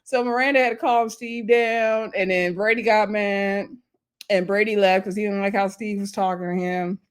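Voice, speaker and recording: A woman's voice: mid-range voice, steady tone, moderate pace, smooth. A woman recapping a TV episode in a casual, chatty way, often laughing as she tells the story. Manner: chatty, laughing storyteller who acts out quotes. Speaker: TV show reviewer.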